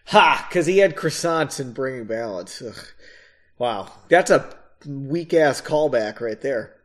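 Lively man reading with self-mocking asides. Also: mid-range voice, slow pace. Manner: casual, self-mocking asides between passages. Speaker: reader of his own novel. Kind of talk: reading a story aloud with off-the-cuff asides.

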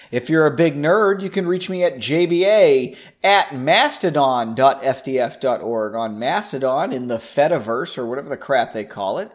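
A man hosting his own podcast from his basement, chatting casually and rambling, often poking fun at himself. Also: fairly high pitch. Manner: self-deprecating, rambling, laughs at himself. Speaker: podcast host. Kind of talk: casual solo podcast chat. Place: home basement.

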